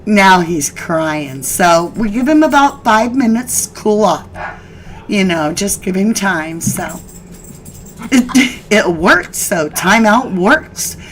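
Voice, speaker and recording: A woman hosts a casual live-stream chat at an unhurried, drawn-out pace. Her voice sits in a middle range and she talks chatty and homespun, with a little background hiss underneath. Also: mid-range voice, animated, a bit bright, poor audio. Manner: chatty, scolding her dogs mid-stream, laughing. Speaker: host of a live true crime chat.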